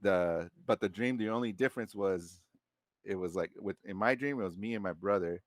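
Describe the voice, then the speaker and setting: Male podcast guest, deep voice, laid-back storyteller who rambles with slang. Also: moderate pace, no room sound, clean studio sound. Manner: loose and rambling, heavy slang and swearing. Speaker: podcast guest, former Marine. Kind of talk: casual storytelling.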